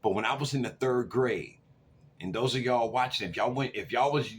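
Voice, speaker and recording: A man in his forties telling a story to camera in a casual, animated way, swinging from loud outbursts to hushed asides. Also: medium pitch, normal speed, a little hiss or hum. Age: 40s. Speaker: vlogger.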